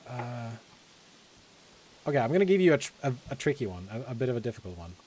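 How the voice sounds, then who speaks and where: A man's voice: medium pitch, sing-song, fast talker, darkish tone. A man, a community manager, chatting casually on a game stream and teasing his co-host with spelling quizzes.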